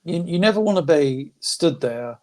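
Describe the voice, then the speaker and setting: A man's voice: a little high, expressive, normal speed, a little mellow. A man chatting casually on a podcast, rambling with restarts and swearing. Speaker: podcast regular. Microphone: phone.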